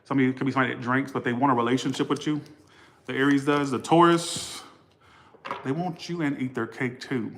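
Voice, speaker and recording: Man, casual tarot reading, blunt, profane, rambling, mid-pitched voice. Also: fairly even intonation, fast talker, a bit bright. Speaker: tarot reader.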